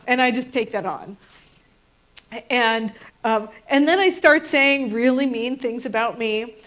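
A woman's voice: a little high, slow, pauses often, a bit bright, muffled recording. Earnest woman giving a spiritual talk. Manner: earnest and reflective, acting out inner voices. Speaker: spiritual speaker. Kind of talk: inspirational talk to an audience.

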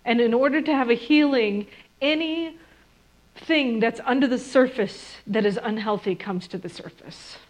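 This woman speaks, and her voice sits a little high. She talks to listeners in an earnest, reflective way and slips into mocking inner voices now and then. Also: a little slow, poor audio. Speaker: spiritual speaker. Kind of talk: inspirational talk to an audience.

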